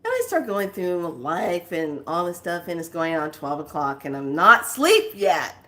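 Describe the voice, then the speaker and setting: Animated woman telling a spiritual story. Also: on the low side, moderate pace. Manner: animated storyteller, laughs often. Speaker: spiritual teacher and host. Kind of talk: casual spiritual talk with storytelling.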